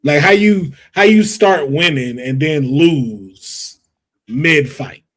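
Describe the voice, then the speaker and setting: Male podcast host, slightly high voice, emphatic and slangy, casual chat. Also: takes it slowly, a bit bright.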